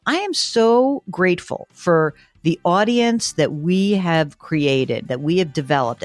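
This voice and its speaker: A woman's voice: low voice, no echo. An enthusiastic woman hosts a money advice podcast, her voice rising and falling a lot as she chats. The sound is dry and close, with no room around it. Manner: animated, enthusiastic, talks in quick asides. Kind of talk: casual podcast chat.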